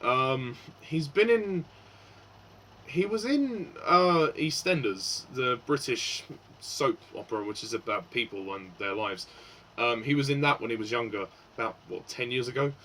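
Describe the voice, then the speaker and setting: A man's voice: medium pitch, animated, a little slow, a bit bright, a little hiss or hum, low-quality recording. A man giving a casual spoken film review, hesitant, with many fillers and restarts.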